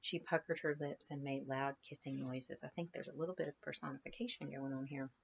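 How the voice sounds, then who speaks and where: A woman's voice: rumbling low, steady tone, a little fast, gravelly, muffled recording, a little hiss or hum. A woman teacher reading a novel aloud to her class in a conversational way, stopping to ask her students questions. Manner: conversational, asks students questions between passages.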